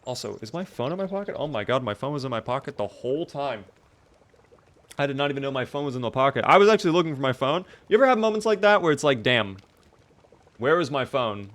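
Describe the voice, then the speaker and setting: A man at a middle pitch talks his way through a live game stream. He keeps up an easygoing, chatty flow, reading viewer messages aloud and answering them as he plays. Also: animated, quick pace, fairly bright tone. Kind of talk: casual live-stream commentary.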